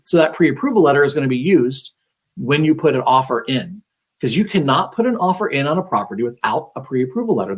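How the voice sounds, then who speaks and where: A man working as a real estate agent, giving casual advice on a live stream, talking conversationally with many fillers and restarts. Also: on the high side.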